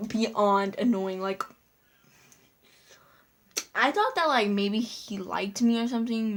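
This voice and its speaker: A young woman casually telling a personal story to her viewers, full of "like" fillers and giggles. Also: mid-range voice. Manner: chatty, lots of "like" fillers, giggly asides. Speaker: vlogger.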